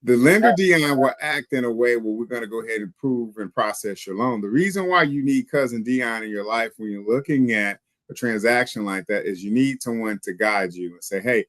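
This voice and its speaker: A mortgage lender explaining pre-approvals in a confident, joking manner. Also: male voice, medium pitch, a little fast, hardly any pauses, a bit bright, no echo. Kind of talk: casual explanatory talk.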